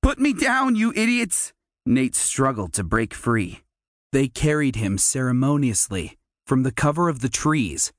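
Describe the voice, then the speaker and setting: A male audiobook narrator who reads a children's fantasy adventure at an unhurried, deliberate pace. His voice sits at an everyday middle pitch, recorded close and dry in a studio with no room sound. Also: no echo. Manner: measured, unhurried storytelling.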